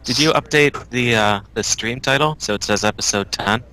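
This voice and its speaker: A man co-hosting a casual chat show, trading deadpan jokes. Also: medium pitch, moderate pace, poor audio. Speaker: podcast co-host.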